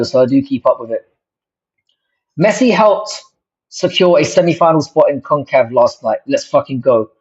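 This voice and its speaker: The dull lo-fi stream carries a young man's medium-pitched voice with a breathy edge. As host of a casual livestream, he reacts to comments, rambling and cursing and starting over many times.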